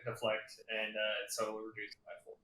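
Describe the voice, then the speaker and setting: A man playing a tabletop game, speaking in quiet, offhand table talk. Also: fairly low pitch, monotone, brisk. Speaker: player. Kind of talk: casual tabletop chat. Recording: roomy, distant mic with loud noise.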